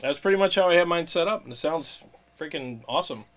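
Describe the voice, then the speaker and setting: A man's voice: a little high, animated, a bit bright. A man co-hosting a casual guitar livestream, laid-back, laughing easily and joking with his co-host. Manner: laid-back, laughs often, quick asides.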